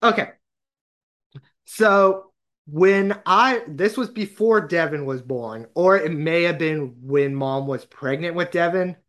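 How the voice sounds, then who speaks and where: A man's voice: a little high, slow, a bit bright. A man from Arkansas, hosting a podcast and telling a rambling, laughing story in casual chat. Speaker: podcast host.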